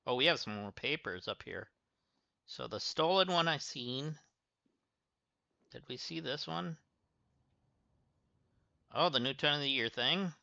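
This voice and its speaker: Slow, bright-voiced male game streamer. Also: medium pitch, animated, creaky, dry recording, lo-fi sound. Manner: chatty, thinking aloud while playing. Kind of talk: livestream game commentary.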